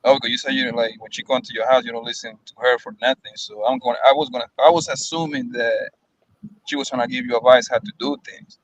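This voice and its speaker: A man in casual podcast chat, asking questions quickly. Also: medium pitch, fairly even intonation, no room sound. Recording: dull lo-fi sound.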